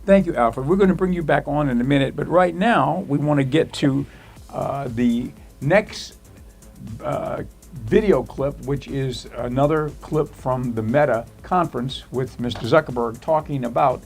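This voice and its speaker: A man hosting a live talk show about technology, speaking in a halting way with many fillers and restarts. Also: mid-range voice, a little mellow, soft background music. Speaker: host.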